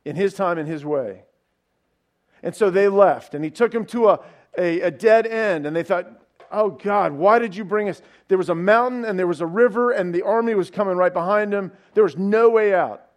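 High-voiced man preaching a sermon. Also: normal speed. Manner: storytelling preacher, casual asides and rhetorical questions. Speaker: pastor.

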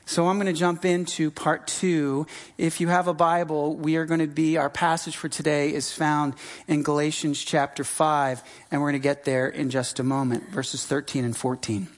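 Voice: mid-range voice, flat delivery, moderate pace. A middle-aged pastor from the United States giving a sermon in a conversational, emphatic way, repeating key phrases. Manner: conversational, with frequent fillers and restarts.

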